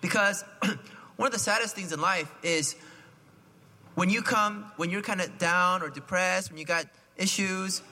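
A man giving a conversational homily, often asking his listeners questions and clearing his throat. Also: sits high, unhurried, pushed and bright. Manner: chatty, asks the listeners questions, frequent "right?". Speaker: preacher. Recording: long hall reverb.

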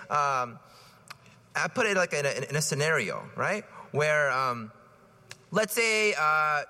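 Bright high-voiced priest in a reverberant church. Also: male voice. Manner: casual, joking, acts out voices. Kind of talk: homily.

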